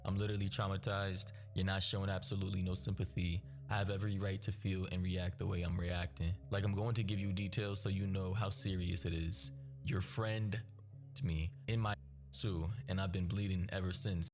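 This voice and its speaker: A man in a recap video giving scripted narration, reading out text messages in a steady, even delivery. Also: deep voice, normal speed. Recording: narration over loud background music.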